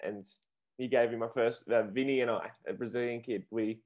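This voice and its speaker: A man hosting a podcast, chatting in a relaxed way about his own memories. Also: mid-range voice, normal speed. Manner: relaxed, rambling, with many fillers. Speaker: podcast host. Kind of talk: casual chat.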